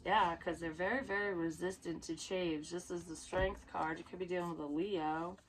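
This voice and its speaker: A woman's voice: fairly low pitch, fairly even intonation, normal speed, slight background noise. Blunt, rambling psychic woman. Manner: rambling, blunt, swears freely. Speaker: psychic tarot reader. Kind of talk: casual tarot reading monologue.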